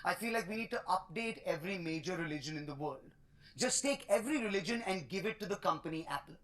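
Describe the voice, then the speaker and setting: A man's voice: high-pitched, animated, fast, fairly bright tone. A man with an Indian accent performing a stand-up comedy set with a punchy, playful delivery. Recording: TV studio stage with audience laughter. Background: crowd laughing.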